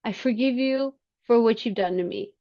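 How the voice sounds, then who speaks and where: A woman telling her personal story as a podcast guest, halting, with many fillers and restarts. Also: fairly high pitch, lo-fi sound.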